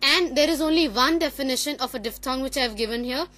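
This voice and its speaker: Woman presenting phonetics in class, high bright voice, explains step by step. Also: fast talker. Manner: explanatory, with self-corrections. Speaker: student presenter.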